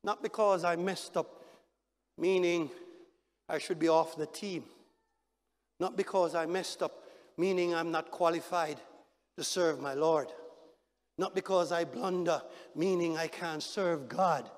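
A man's voice: a little high, fairly even intonation, measured pace, long pauses, in a large hall. A male pastor preaching a sermon with repeated phrases and calls to the congregation. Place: large church.

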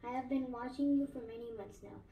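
A woman's voice: on the high side, fairly even intonation, a little fast, far from the mic, phone-quality sound, slight background noise, lightly acted. A woman voicing a humble, earnest orphan boy who speaks respectfully and pleads. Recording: echoey room, voice off-mic.

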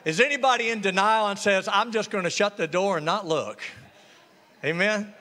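A high, bright man's voice, swooping up and down as a pastor preaches and jokes with his congregation. His call-and-response sermon carries through a reverberant church hall. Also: moderate pace. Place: church sanctuary.

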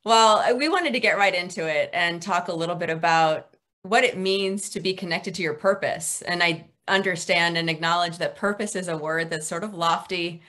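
A woman's voice: lowish voice, normal speed, a bit bright. A woman hosting a video call interview, asking long, reflective questions in a friendly way. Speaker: host, interviewer.

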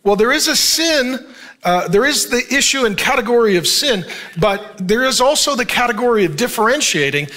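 A man preaching a sermon as pastor, reading scripture slowly and then talking it over in a joking, conversational way that draws the crowd in with "Amen?". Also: very high-pitched. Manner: reads scripture at a slow, even pace.

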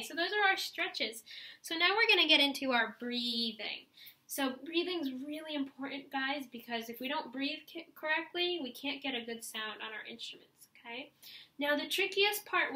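A woman's voice: sits high, sharp tone, roomy sound, rough recording. A woman teaching a clarinet lesson, encouraging her students and guiding them step by step through stretches and breathing, with audible breaths and sighs as she demonstrates. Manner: encouraging, guides listeners step by step. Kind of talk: instructional video lesson.

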